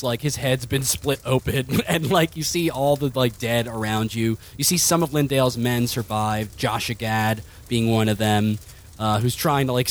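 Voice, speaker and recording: A man narrating a tabletop game as game master, rambling with many fillers and frequent laughs. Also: mid-range voice.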